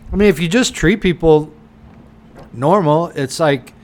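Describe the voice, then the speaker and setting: Man, podcast co-host, slightly high voice, swears a lot, animated storytelling. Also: a little slow. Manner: animated, swears constantly, acts out quotes. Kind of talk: casual profane storytelling.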